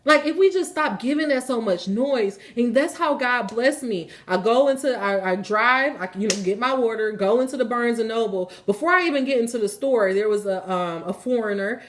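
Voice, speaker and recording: A woman hosting a spiritual reading, telling a personal story in casual, animated speech with lots of swearing. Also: on the high side, moderate pace, hardly any pauses. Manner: animated, swearing freely, colloquial.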